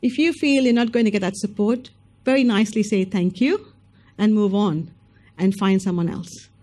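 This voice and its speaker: A woman's voice: medium pitch, normal speed, dark tone. A woman presenting at an information session, speaking directly and emphatically to applicants and checking in with them often. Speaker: scholarship program presenter.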